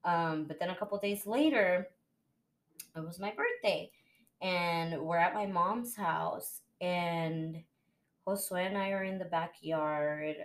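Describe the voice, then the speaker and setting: Young woman, podcast host, casual chat, emotional storytelling, slightly low voice. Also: takes it slowly.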